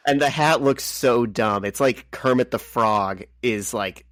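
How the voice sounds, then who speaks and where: A man's voice: medium pitch, unhurried, a bit bright, no echo, clean studio sound. Eager man talking comics on a podcast. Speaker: podcast co-host. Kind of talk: casual comic book discussion.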